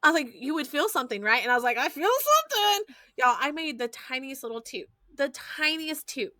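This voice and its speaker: Lady podcast host in her 30s, swears a lot, bright voice, super dry sound. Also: high-pitched, brisk, no echo. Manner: animated storyteller, swears freely, addresses listeners as y'all. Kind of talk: casual chat.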